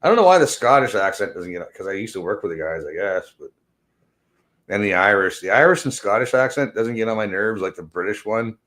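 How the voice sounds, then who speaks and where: A man's voice: fairly low pitch, animated, fairly quick, fairly bright tone. A man reacting to online clips in casual, profane commentary, a bit mumbled, laughing and swearing often. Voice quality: slightly mumbled speech.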